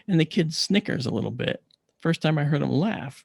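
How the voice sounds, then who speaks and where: A man giving a talk, telling a personal story with slides and acting out his own shouted replies. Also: mid-range voice, fast talker, creaky, husky, no echo, clean studio sound. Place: lecture event.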